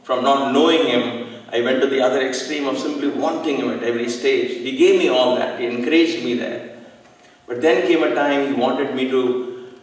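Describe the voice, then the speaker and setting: A man's voice: mid-range voice, distant mic. Earnest man speaking in an echoey hall. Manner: earnest, reflective, slow with pauses. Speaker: satsang speaker. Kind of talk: devotional talk with personal story.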